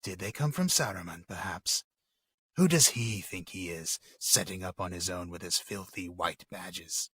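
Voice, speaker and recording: A man's voice: deep voice, measured pace, a bit bright, slightly rough, no room sound, voice pushed down, exaggerated voice. A man voicing a sly, scheming male orc messenger in a dramatic reading, sneering and insinuating.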